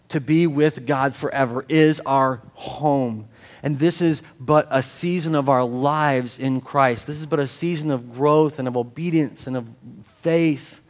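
Man preaching an emphatic, casual sermon. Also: mid-range voice. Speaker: pastor. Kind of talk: sermon with scripture reading and prayer. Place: church sanctuary. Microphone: handheld or stand microphone.

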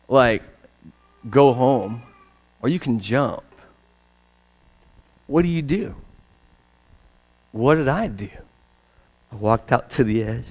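A male pastor preaching with a voice that climbs and dips all over the place, sitting a touch high for a man. He tells a story with lots of energy, then drops to a quiet, intimate hush. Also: poor audio. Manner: animated storyteller, swings from loud to hushed. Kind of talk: sermon with personal story.

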